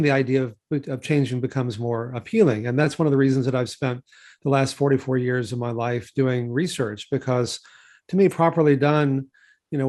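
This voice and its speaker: A man in his sixties from Texas, a physician telling stories from his career in a relaxed conversational way, full of fillers and restarts. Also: medium pitch. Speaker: physician and researcher. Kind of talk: conversational interview storytelling.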